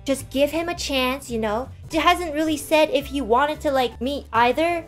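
A nagging, coaxing middle-aged aunt, put on by a young woman retelling a story. The voice sits high and insists gently. Faint music plays underneath. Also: normal speed, lightly acted.

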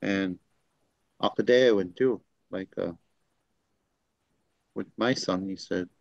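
Man, gravelly low voice, unhurried storytelling, dry dull lo-fi recording. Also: dry recording. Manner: unhurried, with many fillers and tag "eh?". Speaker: language teacher. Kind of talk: storytelling teaching talk.

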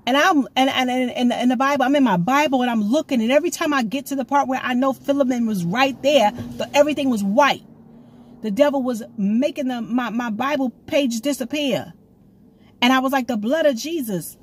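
A woman giving an excitable, rambling prophetic message to her viewers, recorded on her own camera at home. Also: high-pitched, fairly quick, slightly rough. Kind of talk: casual prophetic video message. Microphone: camera she sets up herself.

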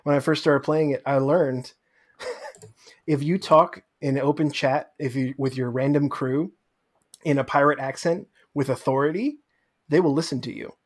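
A man guesting on a podcast, chatting casually, quick to laugh and enthusiastic. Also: on the high side. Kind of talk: casual chat.

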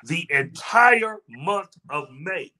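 Bright, high-voiced hype man. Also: takes it slowly. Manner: energetic call-and-response, whooping. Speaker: co-host. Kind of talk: hyping up a sermon talk.

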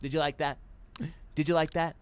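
A young man streaming a horror game, reacting loudly with swearing, sudden shouts and jokes at his chat. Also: fairly high pitch, brisk, clear, resonant tone, no room sound. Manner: loud, profane, excitable reactions with sudden shouts; trash-talking, joking with chat. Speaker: gaming streamer. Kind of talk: livestream gameplay commentary.

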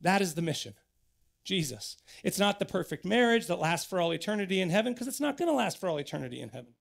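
Man, pastor, sermon in church, high voice, gravelly edge, earnest, emphatic. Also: big pitch swings, fast. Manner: earnest, building to emphatic exhortation.

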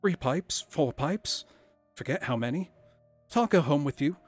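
A man's voice: a little high, animated, measured pace. A man voicing a drug-dazed, frantic young man who talks in a shaky, pleading way, over faint background music.

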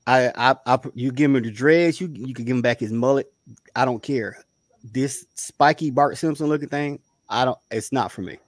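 A man's voice: medium pitch, moderate pace, no room sound. A man from the Southern United States, co-hosting a casual review chat and stressing his points with repeated words. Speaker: podcast co-host.

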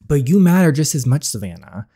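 A man reading a calm, soothing young architect. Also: a little high, a little fast, breathy edge, heavily acted. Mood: tender.

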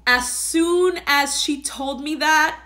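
Woman podcast host, earnest personal storyteller, bright forward tone. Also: sits high, takes it slowly.

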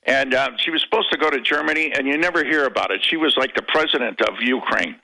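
An older man calling in to a radio show, rambling in a halting way, full of pauses and restarts. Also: mid-range voice, vocal fry, pushed and bright, low-quality recording. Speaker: caller.

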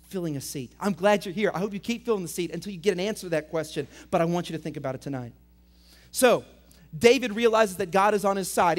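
A young adult man preaching to middle schoolers as their pastor, energetic, swinging between loud emphatic lines and quiet intense questions. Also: high-pitched. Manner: reads scripture aloud, asks students direct questions. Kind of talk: youth sermon.

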